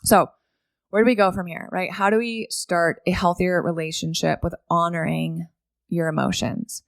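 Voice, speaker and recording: A woman's voice: on the low side, fairly even intonation, moderate pace, creaky, no echo, studio quality. A woman hosting a solo podcast, talking casually and often asking "right?" to keep the listener with her. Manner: conversational, keeps asking "right?". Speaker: podcast host.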